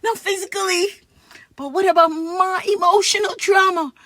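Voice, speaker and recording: A woman's voice: very high voice, unhurried, a bit bright, dry recording, voice pushed up. A woman voicing a scheming, boastful schoolboy in a read-aloud comic, bold and cheeky.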